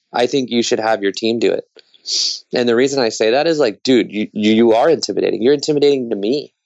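A man's voice: fairly low pitch, vocal fry, darkish tone, no room sound. A man co-hosting a podcast who gives blunt, direct advice in casual talk, swearing freely. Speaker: podcast co-host. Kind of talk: casual conversation.

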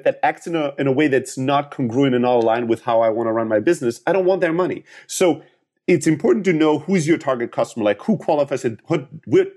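A Greek sales coach and startup founder in his thirties gives an emphatic motivational talk on selling, speaking with a Greek accent in a fairly high, darkish voice. He often restarts his sentences and acts out quoted dialogue.

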